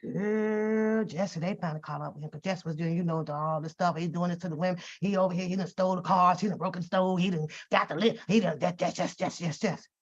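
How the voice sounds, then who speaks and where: A woman telling stories and giving comedic commentary in a profane, animated, joking way. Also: fairly low pitch, fairly quick, hardly any pauses. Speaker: reaction channel host. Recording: dull lo-fi recording.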